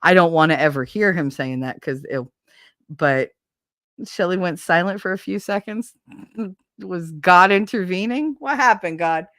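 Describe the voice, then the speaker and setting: A woman's voice: on the low side, unhurried, fairly bright tone, no room sound, clean studio sound. A woman livestreaming on her own channel, chatting casually in a blunt, profane, rambling way. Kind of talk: casual stream chat. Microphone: desk microphone.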